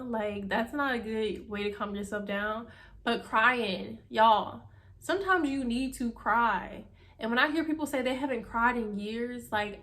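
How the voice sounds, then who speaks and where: A woman's voice: medium pitch, fairly bright tone. Young woman vlogger, chatty and open, filler-heavy casual delivery. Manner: candid and encouraging. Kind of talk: casual talk to camera.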